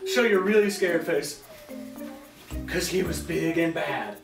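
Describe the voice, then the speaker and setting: A woman telling a Bible story to preschoolers, animated and coaxing the children to act it out with her. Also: sits low, slow, gravelly. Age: adult. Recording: echoey hall, distant mic, loud music.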